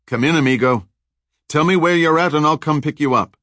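A man's voice: on the high side, a little fast, a bit bright, no echo, clean studio sound, pitched above the performer's own voice, natural voice. A male audiobook narrator voicing a determined male hero who calls urgently over a radio. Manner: urgent, raised and pressing.

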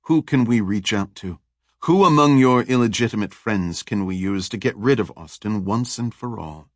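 A man's voice: fairly low pitch, animated, moderate pace, dry recording, studio quality. A man reading a ruthless female boss who gives cold, commanding orders.

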